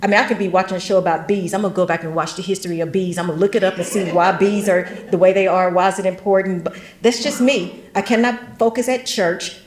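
A woman's voice: mid-range voice, fairly even intonation, quick pace, a little mellow. A middle-aged woman from West Tennessee, giving a chatty genealogy workshop talk with folksy asides and frequent laughter. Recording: roomy echo.

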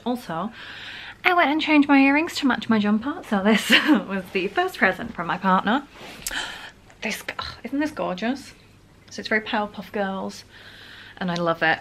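A woman's voice: on the low side, fairly bright tone. A young Northern English woman chatting casually through a gift haul vlog at home, gushing and giggling now and then. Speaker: vlogger. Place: home room. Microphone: camera on a stand.

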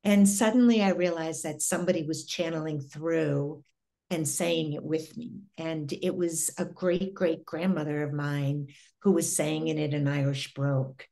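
A middle-aged woman with a fairly low voice tells a personal story as an interview guest. She talks earnestly and reflectively and often pauses and restarts her sentences. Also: steady tone, creaky, mellow.

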